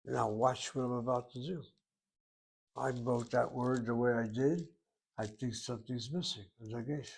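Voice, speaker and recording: A man teaching a grammar class at a middle pitch. He moves through each rule step by step and repeats the key terms so they stick. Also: fairly even intonation, normal speed, creaky, breathy edge. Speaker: Hebrew teacher. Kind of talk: grammar lesson.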